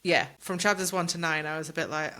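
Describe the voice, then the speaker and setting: Blunt woman, bright voice. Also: low voice, fairly even intonation. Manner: blunt, acts out characters in quick quotes. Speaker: podcast co-host. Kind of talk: casual book-club chat.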